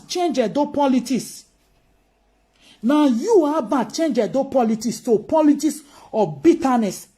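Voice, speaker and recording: Emphatic Nigerian woman commentator, mellow voice. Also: high-pitched. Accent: Nigerian Pidgin English, Edo. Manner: emphatic, repeats key phrases. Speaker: political commentator. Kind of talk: live-streamed political commentary.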